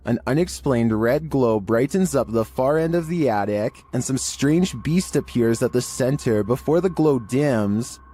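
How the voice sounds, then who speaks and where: A man narrating a countdown of creepy internet videos in a calm, monotone scripted voice. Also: medium pitch, measured pace, hardly any pauses, soft background music.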